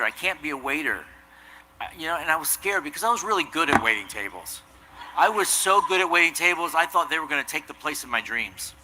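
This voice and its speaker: A man's voice: on the high side, bright, forceful tone, slight background noise, low-quality recording. A man giving a commencement address, telling an earnest, self-deprecating story. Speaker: commencement speaker. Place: outdoor commencement ceremony.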